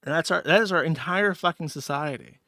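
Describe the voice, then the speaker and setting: A man's voice: a little high, brisk, pushed and bright, no room sound, clean studio sound. A man hosting a livestream, ranting angrily and profanely, with mocking asides. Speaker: streamer host. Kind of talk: angry livestream rant.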